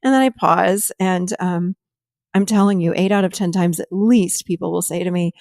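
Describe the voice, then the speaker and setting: Animated woman podcast host, dry close sound. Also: on the low side, moderate pace, vocal fry, dry recording. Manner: animated storytelling, laughs while talking. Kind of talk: casual chat.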